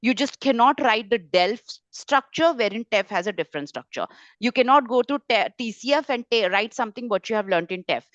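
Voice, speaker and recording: A woman with a fairly high voice hosts a French lesson webinar, chatty and direct as she talks to her viewers. The sound is dry and close, with a dull, lo-fi edge to the audio. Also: expressive, brisk, a bit bright, no echo. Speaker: French teacher hosting a webinar. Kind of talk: casual online teaching.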